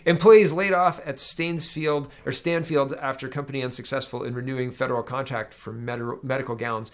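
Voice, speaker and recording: Gravelly sarcastic man hosting political commentary. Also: medium pitch, steady tone, normal speed. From Canada. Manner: sarcastic, rambling, reads headlines aloud. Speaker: political commentary show host.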